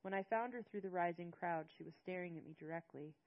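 A woman reads a first-person audiobook in a hushed, sorrowful way. Her voice sits fairly low. The recording sounds dull and lo-fi. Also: quick pace. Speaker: audiobook narrator.

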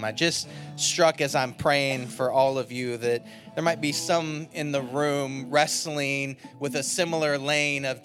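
A man praying over a church congregation, starting quietly with halting restarts and swelling into fervent declarations. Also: medium pitch. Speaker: minister praying. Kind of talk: sermon and spoken prayer. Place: church sanctuary.

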